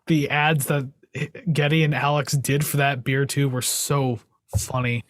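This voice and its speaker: A man's voice: mid-range voice, flat delivery, unhurried, dry recording, studio quality. A young man co-hosting a music podcast, rambling casually with lots of fillers and frequent laughter. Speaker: podcast co-host. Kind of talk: casual chat.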